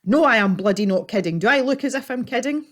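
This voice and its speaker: Cantankerous old recluse, gruff and loud, voiced by a woman storyteller. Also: fairly high pitch, animated, fast talker, pitched above the performer's own voice, natural voice. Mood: indignant. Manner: gruff, snapping, shouting. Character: grumpy old man, reclusive and short-tempered.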